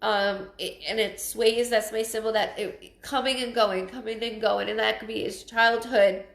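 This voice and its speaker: A woman giving a live psychic reading, earnest and emotional, halting and often restarting her sentences. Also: fairly high pitch, steady tone, gravelly, echoey room. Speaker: psychic medium. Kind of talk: live-streamed spirit reading.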